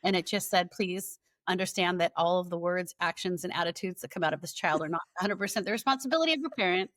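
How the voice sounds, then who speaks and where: A middle-aged woman, a guest author, telling lively stories in a casual podcast chat. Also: fairly low pitch, fast, no echo, studio quality. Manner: lively storyteller, animated quoting.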